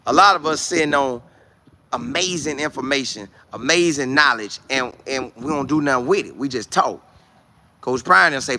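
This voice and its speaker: A man's voice: mid-range voice, moderate pace. A man hosting a casual livestream, talking animatedly and reading out chat messages. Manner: animated, reads and answers chat. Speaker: livestream host.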